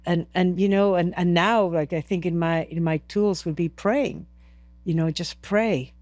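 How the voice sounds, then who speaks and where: A woman's voice: lowish voice, a little slow, a little mellow, no echo. A woman from Peru, a podcast interview guest, telling a story earnestly and emotionally, with many restarts.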